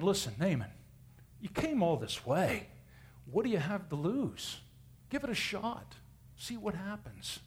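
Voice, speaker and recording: A man delivering a storytelling sermon in a slightly higher voice. He retells old stories in plain, modern talk and acts out the characters' words. He drops to a softer voice when he makes a point. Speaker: preacher.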